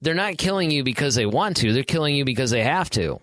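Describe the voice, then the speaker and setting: A man with a medium voice, chatting casually as a podcast co-host. He thinks out loud, weighing each point as he goes. The sound is dry and close to the mic. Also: mid-range voice, expressive, quick pace, no echo. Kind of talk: casual chat.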